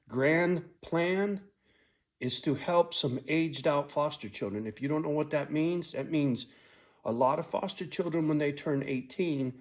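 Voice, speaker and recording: Blunt, swearing man telling a story. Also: on the high side. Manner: blunt, heavy swearing, frequent "right?" tag; angry when telling the story, quiet and weary when reflecting. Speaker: vlogger telling a personal story. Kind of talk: casual storytelling monologue.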